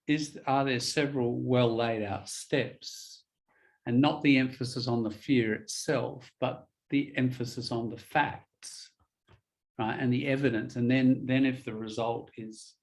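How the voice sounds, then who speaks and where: A man's voice: medium pitch, creaky, poor audio. Patient male English teacher. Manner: explains patiently, spells words out, many fillers. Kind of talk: conversational one-on-one lesson.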